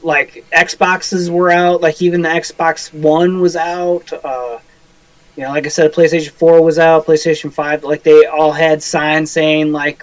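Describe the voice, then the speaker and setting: A man's voice: fairly high pitch, flat delivery, measured pace, smooth, no echo, poor audio. A man co-hosting a podcast in casual chat, rambling and swearing, with lots of filler words. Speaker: podcast co-host.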